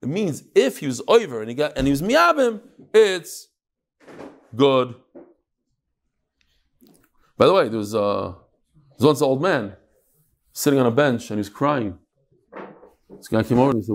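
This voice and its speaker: A man's voice: normal speed, creaky, long pauses. A man teaching a Talmud class in a study hall, explaining in English and mixing in Hebrew and Aramaic terms. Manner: animated, with sudden swings up and down in pitch.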